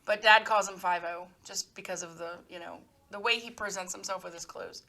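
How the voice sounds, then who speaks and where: A woman's voice: on the low side, fairly even intonation, fairly quick, gravelly, bright, forceful tone. A woman co-hosting a podcast, chatting casually and chiming in. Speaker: podcast co-host. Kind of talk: casual chat.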